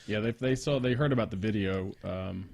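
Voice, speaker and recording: Low-voiced virginia guy, guest on a podcast, kinda hesitant, dry mic. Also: fairly quick, vocal fry, no room sound. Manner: modest, hesitant, soft-spoken. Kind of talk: casual chat.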